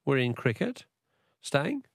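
A man's voice: mid-range voice, sing-song, takes it slowly, breathy edge, dry recording, clean studio sound. An Australian man hosting a live talkback radio quiz, chatty and coaxing, repeating the question for callers. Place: radio studio.

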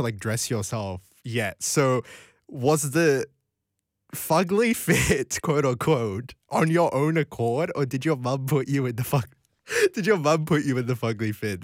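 Giggly, rambling Australian radio host. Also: male voice, mid-range voice, no echo, clean studio sound. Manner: rambling, giggly, goes off on tangents. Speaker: late-night radio host. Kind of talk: casual radio chat reading listener texts. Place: radio studio. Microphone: studio microphone.

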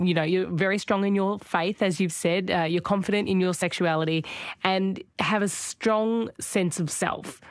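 A woman interviewer asking her guest brisk, measured questions. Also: on the low side, dry recording, studio quality.

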